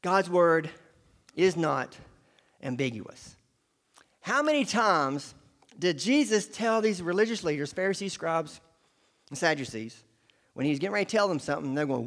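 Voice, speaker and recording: A man preaching a sermon, swinging from hushed asides to loud, emphatic declarations. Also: fairly high pitch, animated, normal speed, pauses often. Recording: long hall reverb.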